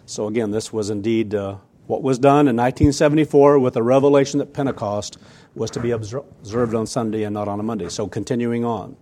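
A man's voice: mid-range voice, fairly even intonation, fast, dark tone. A man preaching a sermon to his church, earnest and emphatic, often repeating phrases for weight. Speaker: pastor.

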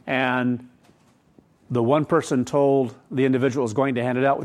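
A man's voice: medium pitch, level tone, moderate pace, a little mellow. A middle-aged man preaching a sermon in a conversational way, asking rhetorical questions and adding asides. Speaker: pastor.

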